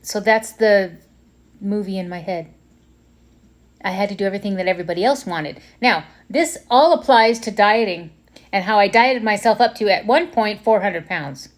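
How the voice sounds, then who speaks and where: A woman in her fifties talking candidly and emotionally in a personal reflective monologue, pausing and restarting as she goes. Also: medium pitch. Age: 50s. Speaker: vlogger.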